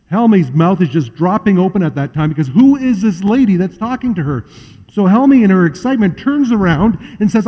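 A male pastor telling a story in a sermon, acting out the voices of its people with shifting loudness and pace. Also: sits high, lively intonation, a little fast. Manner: acts out quoted voices, varies loudness and pace freely. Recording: muffled hall recording with long reverb.

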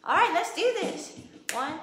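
A woman's voice: extremely high pitch, very animated, unhurried. A woman music teacher leading an upbeat rhythm lesson, cheering and singing out her words and counting beats aloud. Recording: roomy, with instrument playing.

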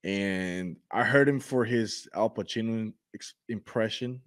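A man's voice: lowish voice, measured pace. A man hosting a reaction video, chatting casually and rating clips with fillers and laughs.

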